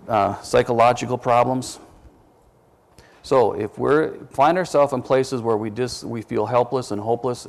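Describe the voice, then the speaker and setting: A man's voice: medium pitch, vocal fry, darkish tone. A man preaching a sermon in a conversational way, quizzing his listeners with questions and dropping self-deprecating asides.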